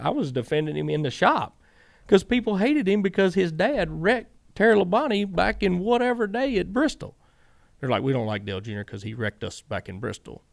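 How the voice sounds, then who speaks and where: This podcast guest, once a crew chief, has a slightly high voice with vocal fry. Across a casual interview he tells lengthy stories with animation, voicing the dialogue of each person involved.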